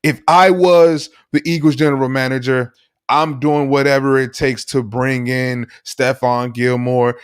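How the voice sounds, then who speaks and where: Animated man co-hosting a sports show. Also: mid-range voice, smooth, dry recording, clean studio sound. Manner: animated, enthusiastic. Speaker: podcast co-host. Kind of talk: casual sports chat.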